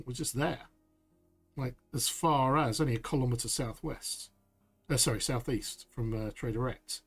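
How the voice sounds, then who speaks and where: A man streaming a survival game live, chatty and upbeat, saying "boom" as he works. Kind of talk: live gameplay commentary.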